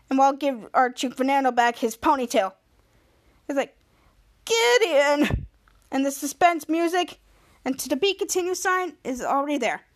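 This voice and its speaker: High-voiced excited podcast host. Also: female voice. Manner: excited, acts out characters' lines while retelling. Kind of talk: casual episode recap.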